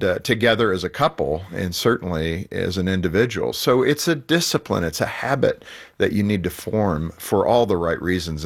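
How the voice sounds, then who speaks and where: A man's voice: fairly low pitch, fairly bright tone. A man hosting a Christian radio talk show, earnestly encouraging listeners to pray and get in touch.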